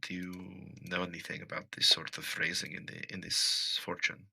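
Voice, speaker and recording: A man voicing a hesitant young woman adventurer with a dark soul who speaks formally and stumbles over her words. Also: low voice, monotone, creaky, slightly rough, heavily acted. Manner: halting and formal, many stumbles.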